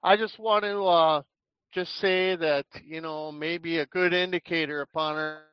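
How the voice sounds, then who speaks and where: Earnest guy talking to the group, smooth clear voice, kinda dull lo-fi sound. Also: on the high side, steady tone, a little slow, no echo. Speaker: participant addressing the group.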